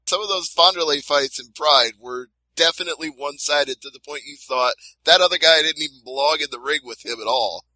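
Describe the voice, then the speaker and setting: Bright, enthusiastic male interviewer. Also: a little high, a little fast, hardly any pauses, no room sound, poor audio. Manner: enthusiastic, laughs along. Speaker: interviewer, MMA writer. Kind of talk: casual interview.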